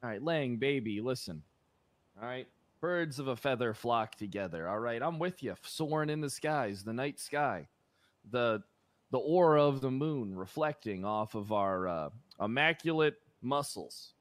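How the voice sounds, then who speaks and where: A man's voice: medium pitch, animated, a little slow. A young man in improvised game roleplay, playing a sheriff with brash, profane, mock-aggressive ranting.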